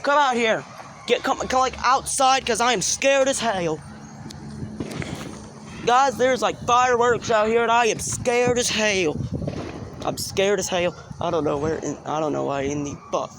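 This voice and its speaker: Outdoors at night during fireworks, a man vlogs into a handheld phone camera, jumpy, exclaiming, and swearing a lot in casual commentary. His voice sits high but unhurried, and the phone recording is noisy.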